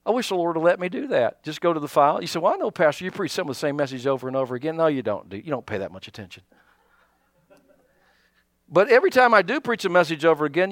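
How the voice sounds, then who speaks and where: A man pastor preaching a sermon, animated, calling out to his congregation and acting out little asides. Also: on the high side, no room sound, clean studio sound.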